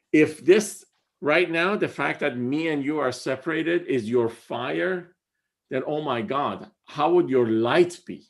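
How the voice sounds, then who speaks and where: Male teacher, slow delivery, gravelly voice, reads verse then explains it casually. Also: on the high side. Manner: reads verse lines, then paraphrases them conversationally. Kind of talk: casual class explaining poetry.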